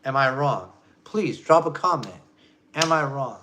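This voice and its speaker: A man ranting to camera as a vlogger, profane and emphatic, swinging between loud jabs and low mutters. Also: lively intonation, unhurried, a little hiss or hum.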